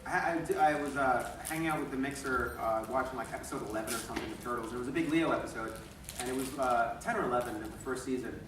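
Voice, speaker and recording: A man, a voice actor on a convention panel, telling stories in an animated, laughing way. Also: mid-range voice, quick pace. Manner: animated, laughing, acting out quotes. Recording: echoey hall recorded from far off with room noise.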